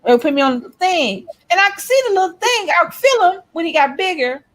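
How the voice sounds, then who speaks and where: A woman with a high voice talks in a relaxed, casual way. She tells stories and drives her points home with emphasis, speaking straight to her listeners. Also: fairly quick. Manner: storytelling, emphatic, lectures trolls. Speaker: co-host. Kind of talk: casual chat.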